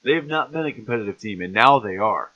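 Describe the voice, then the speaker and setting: A man's voice: fairly low pitch, lively intonation, fast talker, bright, forceful tone, rough recording. A man hosting a live sports talk stream, ranting and mocking in an exasperated way. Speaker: sports show host.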